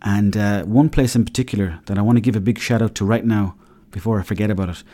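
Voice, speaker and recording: A man's voice: fairly low pitch, fairly even intonation, fast talker, mellow. A man in his thirties with an Irish accent, hosting a solo podcast in a loose, joking, rambling way. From Ireland. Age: 30s. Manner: rambling, joking, acts out little dialogues. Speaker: podcast host. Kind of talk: casual solo podcast monologue.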